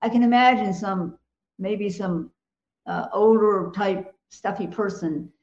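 A woman co-hosts a casual faith talk show and speaks with firm, emphatic assurance. Her voice sits at a middle pitch. The recording sounds dull and echoey, as if made in a reverberant room. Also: takes it slowly, a little mellow. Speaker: co-host.

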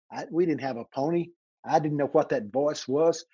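A man's voice: mid-range voice, mellow, breathy edge, no room sound, lo-fi sound. A man, telling dramatic personal stories in an interview and acting out the voices. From Texas. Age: 80s. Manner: dramatic storyteller who acts out voices, slows down for emphasis. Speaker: minister being interviewed. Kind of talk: animated personal storytelling.

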